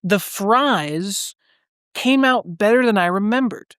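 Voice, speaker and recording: A man's voice: high voice, lively intonation, takes it slowly, a bit bright, smooth, no echo, clean studio sound. A man co-hosting a podcast, chatting casually and rambling through his stories with lots of "like" fillers. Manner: rambling, loose, full of "like" fillers. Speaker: podcast co-host. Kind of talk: casual chat.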